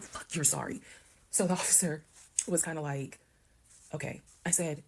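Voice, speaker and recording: A woman from Georgia, telling a personal story to camera in a lively way and acting out the voices of the people in it. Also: sits low, moderate pace, gravelly, pauses often, husky. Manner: animated, acts out quoted voices. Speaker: storyteller in a TikTok clip. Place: played clip heard on a stream.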